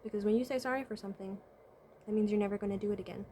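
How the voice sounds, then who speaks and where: Here a woman talks very fast in a mellow, medium-pitched voice with a steady tone, and the audio carries a slight hiss or hum. A vlogger and spiritual consultant, she gives casual life advice to camera, leaning on rhetorical questions and "right?" check-ins. Thinking aloud, she keeps humming "mm-hmm."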